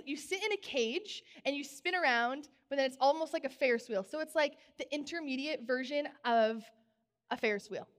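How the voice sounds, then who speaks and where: Young woman preacher with a bright high voice, bubbly storyteller, long church reverb. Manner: bubbly storytelling, animated exclamations. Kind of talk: sermon. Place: church sanctuary.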